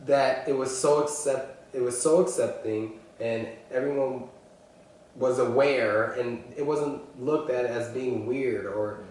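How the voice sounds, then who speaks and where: A man's voice: mid-range voice, a little mellow. Earnest young man, echoey distant sound. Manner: earnest, halting, with many restarts and fillers. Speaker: vlogger telling his coming-out story. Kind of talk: personal storytelling. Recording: echoey room, voice from afar.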